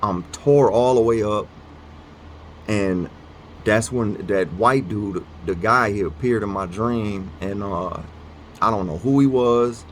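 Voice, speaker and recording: Man vlogger, low voice, slow and rambling delivery, casual storytelling and devotional reading, faint room hum. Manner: rambling, halting, fillers and restarts.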